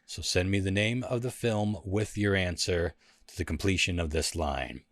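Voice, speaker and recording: Playful low-voiced man hosting a quiz. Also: moderate pace, dry recording. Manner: playful, laughs often, sings lyrics in a high falsetto. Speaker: host running a lyrics quiz. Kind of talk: casual podcast chat.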